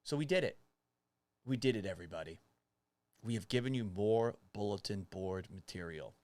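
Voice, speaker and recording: A man hosting a sports commentary rant, his pitch jumping widely as he mocks and curses. He swings between loud outbursts and low, quick asides. The sound is dry and close to the mic. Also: dry recording. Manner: animated, mocking, profane, swings from loud outbursts to quiet asides. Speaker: sports show host.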